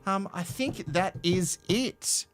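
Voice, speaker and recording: A man's voice: sits high, slow, a bit bright, soft background music. A man hosting a live stream, rambling and self-deprecating, with many fillers. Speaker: host.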